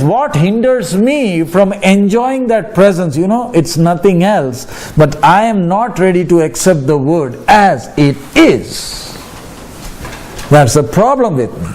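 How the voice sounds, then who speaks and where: A man's voice: high-pitched, darkish tone, slight background noise. A male preacher giving a sermon, reading scripture aloud and questioning his listeners with emphasis.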